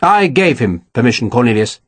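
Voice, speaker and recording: A man playing a genial colonel who smooths over quarrels in a grand, lively voice. The tone is husky and dry, close to the mic. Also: mid-range voice, brisk, dry recording. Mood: placating. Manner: grand, placating. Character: genial, evasive older male colonel.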